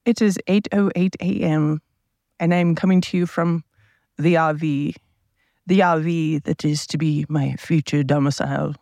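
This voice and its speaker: Seated at a table inside a parked RV, a man rambles unhurriedly through a solo podcast in a groggy morning voice, questioning himself along the way. His voice is on the high side, steady, gravelly and a little mellow, with no echo, picked up by a small plug-in mic powered by a tablet.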